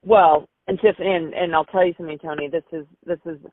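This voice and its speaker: A grieving mother telling stories about her son in a halting, emotional way, often repeating herself. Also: on the low side, steady tone, a little hiss or hum. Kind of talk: phone interview storytelling. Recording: tinny phone line, dry.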